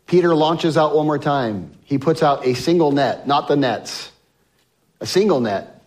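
A man preaching a sermon, telling a Bible story and acting out the voices of the people in it, dropping from loud to hushed. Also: fairly high pitch, animated, moderate pace. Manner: swings from loud emphasis to soft hushed lines. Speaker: pastor.

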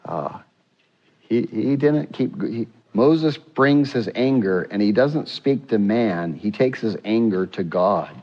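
A man's voice: on the low side, expressive, slow, dull audio. A man preaching a sermon, asking the congregation rhetorical questions and acting out scripture quotes with a rising voice. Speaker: pastor.

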